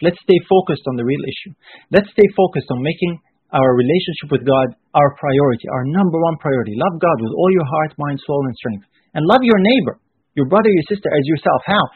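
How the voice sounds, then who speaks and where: A man preaching a sermon emphatically, repeating phrases and rising into forceful bursts. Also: fairly high pitch, no echo. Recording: husky voice on a tinny phone-like line.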